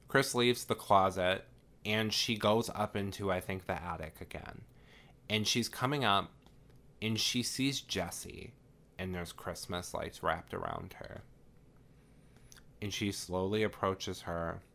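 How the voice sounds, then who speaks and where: A man's voice: on the low side, unhurried, long pauses, sharp tone. A man hosting a podcast, retelling a film in a casual, profane chat full of "like" and "um". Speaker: podcast host.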